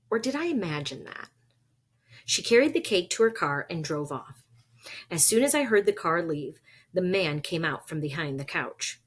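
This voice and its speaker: A woman reading a children's chapter book aloud, recapping gently before reading steadily and expressively. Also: on the low side, lively intonation, normal speed, husky. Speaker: reader.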